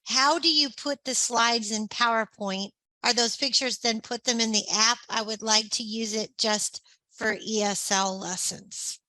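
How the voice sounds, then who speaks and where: A woman's voice: fairly high pitch, steady tone, a little slow, pushed and bright, no room sound, poor audio. A woman moderating a webinar who reads out audience questions in a friendly way.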